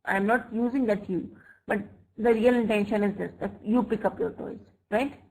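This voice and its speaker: A woman teaching an online English grammar class. She reads example sentences slowly and checks often with "right?" and "fine?". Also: mid-range voice, fairly even intonation, darkish tone, rough recording. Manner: slow, deliberate example sentences. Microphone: computer mic for a web class.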